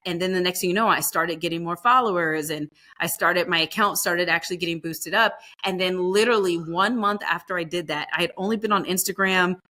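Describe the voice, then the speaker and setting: A woman who is a barbecue pitmaster, telling stories in a casual, lively way in a podcast interview and acting out the voices of others. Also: fairly low pitch. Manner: lively storyteller, acts out quoted voices; casual, fillers like "like" and "you know".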